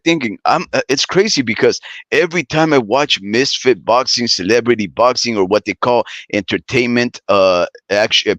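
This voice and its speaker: A man with a fairly low voice talks through his views on a casual podcast. He rambles and circles back as he explains, recorded dry and close with little room sound. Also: fairly bright tone, no room sound. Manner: rambling, many fillers and restarts, explanatory. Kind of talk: casual boxing talk.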